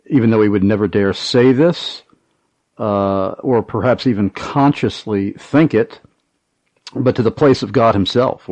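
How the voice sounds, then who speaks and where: A man hosting a Christian call-in radio show, asking long, winding questions broken by frequent "uh" pauses. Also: lowish voice, darkish tone, no room sound. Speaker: radio talk show host.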